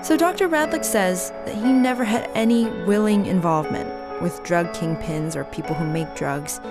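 A woman host narrating a radio documentary in a plain, measured way. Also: lowish voice, music in the background.

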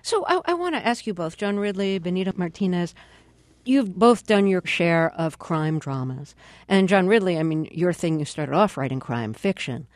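Interviewer, middle pitch, attentive, dry studio sound. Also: animated, normal speed, no room sound. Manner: attentive, frequent affirmations. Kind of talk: interview questions.

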